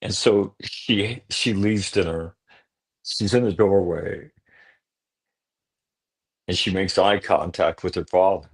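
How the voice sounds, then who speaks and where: Low-voiced guy on a talk show telling his story, earnest, keeps saying right?, blunt at times. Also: takes it slowly, long pauses, slightly rough. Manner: earnest, punctuates thoughts with "right?". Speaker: author guest.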